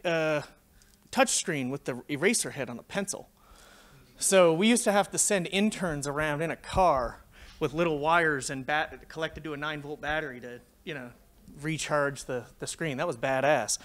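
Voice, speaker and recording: A Canadian man in his forties giving a conference talk, telling a tech story full of swearing. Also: on the high side. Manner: swears freely, animated storytelling. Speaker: conference speaker. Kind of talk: profane anecdotal tech talk.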